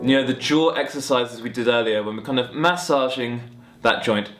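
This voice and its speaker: A young man teaching a singing warm-up lesson in a relaxed, friendly, chatty way, talking through stretches and vocal exercises. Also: mid-range voice, normal speed, music in the background. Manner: relaxed, friendly and chatty, demonstrating hums and sung syllables. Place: home music room with guitars on the walls.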